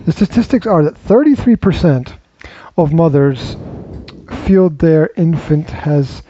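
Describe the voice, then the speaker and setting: Playful male co-host, mellow tone, dull lo-fi recording. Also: a little high, expressive, measured pace. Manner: joking, playful, with hesitant fillers. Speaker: co-host of parenting Q&A. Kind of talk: casual chat. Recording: dull lo-fi sound with faint noise.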